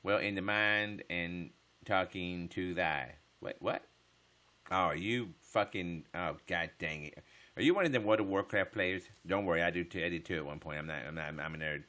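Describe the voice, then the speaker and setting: Deep, bright-voiced male streamer. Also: normal speed. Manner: joking, crude, laughs often; drops to a hush so as not to wake his household. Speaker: livestream host. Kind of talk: casual late-night chat with viewers.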